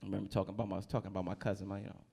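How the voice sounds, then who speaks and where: A man's voice: deep voice, level tone, rapid-fire, gravelly, dark tone, slightly rough. A man from New Jersey doing a stand-up comedy set on a club stage, talking loosely and teasing the audience. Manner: loose, conversational, teases the crowd.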